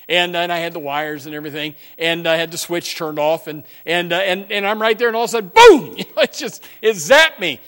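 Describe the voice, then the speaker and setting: A man's voice: a little high, a bit bright. A man preaching a sermon, telling rambling folksy stories with many restarts.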